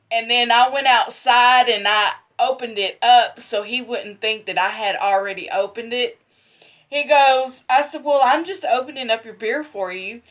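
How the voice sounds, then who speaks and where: Woman, casual storytelling, keeps giggling, rambling, slow drawn-out talk, fairly high voice. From Texas. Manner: giggly, laughing through the story; rambling, repeats herself. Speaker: sewing vlogger.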